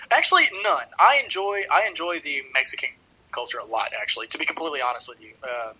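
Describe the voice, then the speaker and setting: Rambling Texan-born man, bright voice. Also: a little high, lively intonation, fast, breathy edge, low-quality recording. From Texas, USA. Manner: rambling, lots of fillers and restarts. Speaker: podcast co-host. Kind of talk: casual chat.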